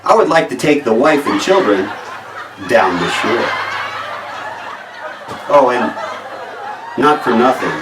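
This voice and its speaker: A man putting on a stiff, overly polite suburban accountant whose voice drops lower and softer than usual. He sounds distant in an echoey room. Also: animated, slow, pauses often, noisy background. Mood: prim.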